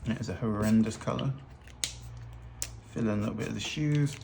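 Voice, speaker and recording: Over a noisy background, a man with a low-side voice and vocal fry talks fairly quickly. He is sketching and teaching fashion illustration in a loose, chatty, self-mocking manner for a casual tutorial. The shot is a hands-only overhead camera view.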